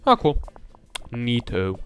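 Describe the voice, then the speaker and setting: A young man giving casual let's-play commentary, rambling between mumbled asides and loud excited outbursts. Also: mid-range voice, slow pace, clear, resonant tone, faint music behind.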